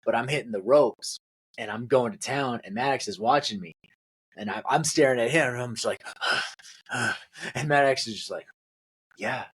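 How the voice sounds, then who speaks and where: A young man co-hosting a podcast, chatting casually and rambling through stories, jumping up high when he acts out quotes. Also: moderate pace, husky. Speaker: podcast co-host. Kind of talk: casual chat.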